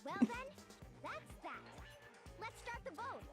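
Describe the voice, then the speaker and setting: A manic female serial killer from a video game. Her voice sits very high and swings wildly as she chatters in a shameless sing-song. Faint music plays behind her. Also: big pitch swings, a little slow, fairly bright tone, heavily acted. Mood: eager.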